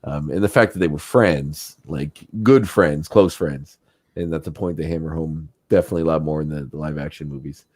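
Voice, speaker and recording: This is a man co-hosting a podcast in an easygoing chat. His voice sits low, and he talks in a lively way, laughing often and dropping into mock voices for effect. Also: a little fast. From Canada. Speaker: podcast co-host. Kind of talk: casual chat.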